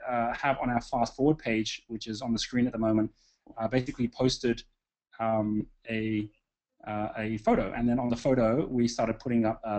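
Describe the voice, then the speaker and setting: A man hosting a live online call, upbeat and chatty, often pausing with fillers and restarting sentences. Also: medium pitch, a little mellow, highs cut off. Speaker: webinar host.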